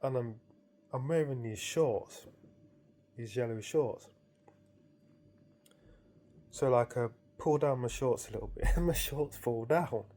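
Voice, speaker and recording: A man's voice: medium pitch, takes it slowly, pauses often, mellow. A man casually recounting a dream to his viewers, amused and rambling, with frequent restarts. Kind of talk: casual storytelling.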